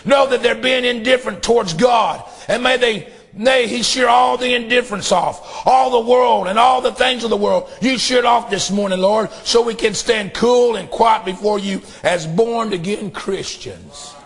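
A man preaching and praying a fervent sermon to his church, shouting in bursts and drawing out emphatic phrases. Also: extremely high pitch, normal speed, creaky, few pauses, breathy edge. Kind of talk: impassioned sermon and prayer.

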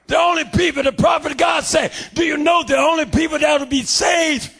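A man preaching a fervent revival sermon in a church, shouting in a steady preacherly cadence. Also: very high voice, moderate pace, vocal fry, few pauses, some chatter behind. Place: church sanctuary.

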